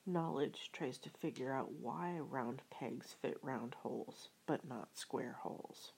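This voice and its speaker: A woman reading an audiobook in a soft, half-whispered way. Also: rumbling low, slow, vocal fry, breathy edge, rough recording. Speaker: audiobook reader. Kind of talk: audiobook narration.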